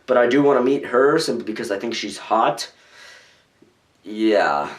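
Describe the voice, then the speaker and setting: Brisk and medium-pitched, a young man from the United States rambles through his own video blog. His phrasing is loose and filled with fillers.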